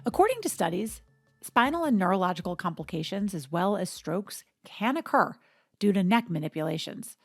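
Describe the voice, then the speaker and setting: A woman, the podcast host, reading scripted voice-over narration in a measured, informative way. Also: medium pitch, expressive, no room sound, faint music behind.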